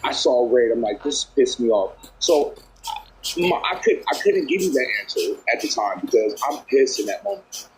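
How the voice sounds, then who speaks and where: A man's voice: mid-range voice, lively intonation, normal speed, breathy edge, low-quality recording. A man on a group call explaining himself at length, rambling with restarts and filler words, audibly emotional. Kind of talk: heated personal explanation.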